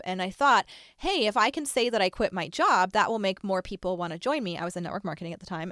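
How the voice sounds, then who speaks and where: A woman's voice: medium pitch, fairly bright tone, no room sound, clean studio sound. A young adult woman hosting a solo podcast, talking in a chatty, candid way with self-deprecating asides. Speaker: podcast host.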